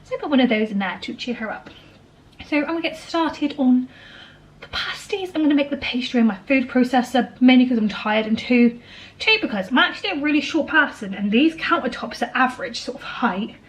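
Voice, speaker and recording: A woman's voice: high voice, animated, fairly quick, fairly bright tone, rough recording. A young woman vlogging casually from her kitchen, chatty, self-deprecating and a bit out of breath from tiredness. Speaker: vlogger, homemaker. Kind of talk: casual kitchen vlog chat.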